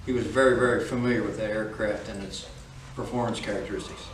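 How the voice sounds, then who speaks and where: A man's voice: fairly low pitch, fairly even intonation, quick pace, slight background noise. A man instructing flight students in a classroom, speaking in a firm, direct, lecturing manner. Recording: echoey room, from far off.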